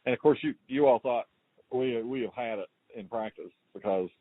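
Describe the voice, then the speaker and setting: A man's voice: medium pitch, moderate pace, dry recording. A man hosting a casual interview, reminiscing along and nodding his guest on. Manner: short nods, chatty reminiscing. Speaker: interviewer, host. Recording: tinny dry phone line.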